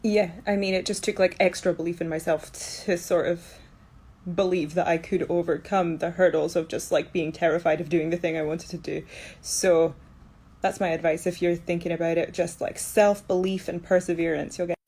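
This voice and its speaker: Scottish actress, sleepy low-key fan Q&A, chatty and relaxed, indoor room. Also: female voice, moderate pace, husky. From Scotland. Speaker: actress answering fan questions. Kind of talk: casual Q&A chat. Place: indoor room during quarantine.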